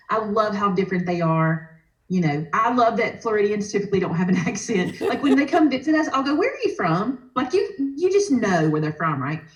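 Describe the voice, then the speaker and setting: A woman's voice: mid-range voice, echoey room. A woman, chatting enthusiastically on a casual livestream and laughing easily. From Alabama. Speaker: guest.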